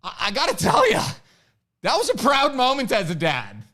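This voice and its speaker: A brash, joking man in middle age holds forth on a live podcast stream. His voice sits high and bright for a man, leaping up and down as he acts out his stories. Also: wildly swooping pitch, normal speed. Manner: brash, joking storyteller who acts out quotes. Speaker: podcast host, firearms instructor. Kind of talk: casual live-stream chat.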